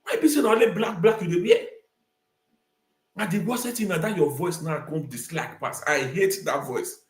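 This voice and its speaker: A man's voice: sits high, expressive, moderate pace, echoey room. A man with a Nigerian accent hosting a talk show, ranting emphatically in a live-stream commentary and repeating phrases for effect.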